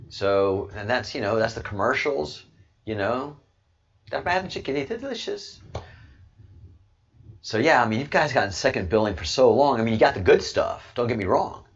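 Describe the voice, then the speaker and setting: A lower-pitched man hosts a casual livestream, his husky voice swinging widely up and down as he rambles and jokes. He speaks into a desk microphone, and the recording sounds dull and lo-fi. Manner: rambling, repetitive, jokey asides. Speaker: livestream host.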